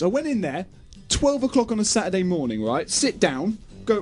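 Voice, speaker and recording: A young man giving a comic, exasperated film review that keeps bursting into shouted tirades. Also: sits high, wildly swooping pitch, normal speed, long pauses, husky, faint music behind.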